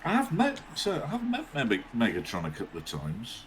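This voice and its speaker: A man's voice: mid-range voice, huge pitch swings, normal speed, a little hiss or hum. A man co-commentating a game livestream, chatty, joking and swearing freely.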